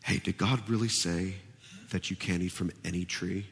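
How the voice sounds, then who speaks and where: Brief: sly tempter devil , a preacher's put-on, quiet insinuating murmur, bright tone, reverberant room. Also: male voice, deep voice, steady tone, normal speed, pitched below the performer's own voice. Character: sly tempting male serpent devil, subtle.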